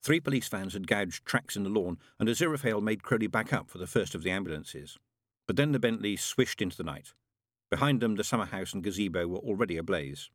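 A man narrating an audiobook in a dry, measured manner. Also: on the low side, expressive, dry recording.

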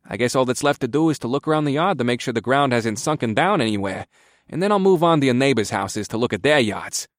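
A man's voice: mid-range voice, animated, quick pace, no echo, studio quality, natural voice. A man voicing a nervous, apologetic male health inspector who stammers when flustered.

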